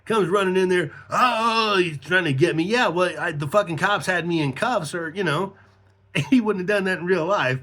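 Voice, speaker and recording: A man's voice: sits high, normal speed, a bit bright. Profane middle-aged man telling a story. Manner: profane, rambling, laughs mid-story. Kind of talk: casual storytelling.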